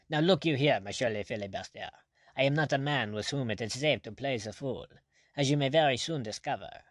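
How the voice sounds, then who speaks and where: A man's voice: mid-range voice, no room sound, natural voice. A man reading the part of a haughty, irate French general with a bullying, imperious manner.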